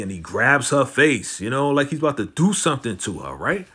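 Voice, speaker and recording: A man giving a casual, slangy recap of a TV drama episode, telling it with animated energy. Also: mid-range voice, breathy edge. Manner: animated, slangy storytelling, often fast. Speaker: YouTube show recapper.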